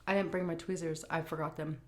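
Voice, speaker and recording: A middle-aged woman talks to her viewers between bites, chatty and animated, slipping in plenty of fillers. Her voice sits a little low for a woman. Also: fast. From United States. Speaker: food vlogger. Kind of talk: casual storytelling and Q&A.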